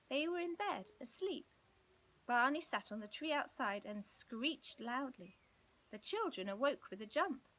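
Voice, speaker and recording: A woman reads a children's story aloud, her voice high and bright. She tells it with lively, swooping pitch and a gently dramatic touch. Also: low-quality recording. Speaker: storybook reader.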